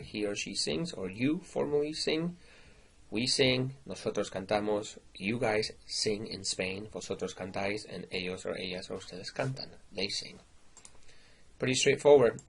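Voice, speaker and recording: Husky-voiced man teaching a slide lesson. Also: lowish voice. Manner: relaxed, informal explaining with fillers. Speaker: Spanish teacher.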